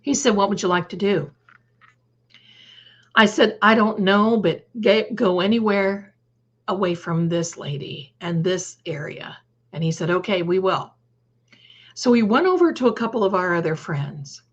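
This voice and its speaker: A woman's voice: medium pitch, lively intonation, a little slow, highs cut off. An older woman hosting a live stream, chatting casually, telling a story and greeting viewers by name. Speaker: livestream host.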